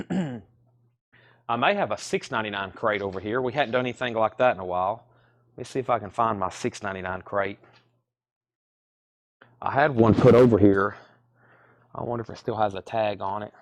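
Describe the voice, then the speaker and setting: A man's voice: on the low side, moderate pace, pauses often. A man hosting a live-streamed vinyl sale from a record store, chatting casually and rattling off titles and prices. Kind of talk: live-stream sales patter.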